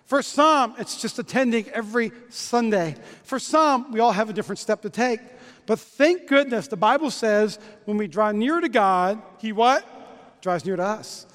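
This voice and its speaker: A man preaching a lively sermon, joking with volunteers onstage in quick bursts. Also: sits high. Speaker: pastor. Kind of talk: lively sermon with stage demonstration. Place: church auditorium. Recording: long reverb of a church hall.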